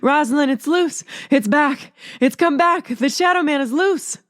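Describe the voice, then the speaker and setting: A woman reading a story aloud and voicing a panicked, frantic woman who exclaims high and urgently. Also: unhurried, no echo, clean studio sound.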